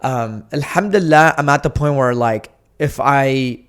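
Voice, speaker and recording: Animated storytelling comedian, young man. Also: mid-range voice, moderate pace, clear, resonant tone. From United States. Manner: animated storyteller, acts out quoted lines. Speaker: comedian guest. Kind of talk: casual podcast chat.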